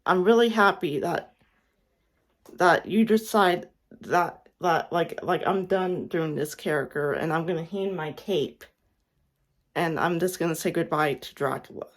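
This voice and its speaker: A young woman giving an emotional farewell message, close to tears, sighing and restarting her sentences often. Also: fairly low pitch. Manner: halting, tearful, many restarts and sighs. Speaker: fan vlogger.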